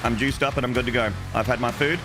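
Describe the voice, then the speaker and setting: A man's voice: mid-range voice, fairly even intonation, fast, music in the background. A young man streaming games, greeting his chat in a playful, banter-filled way with casual swearing. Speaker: gaming streamer.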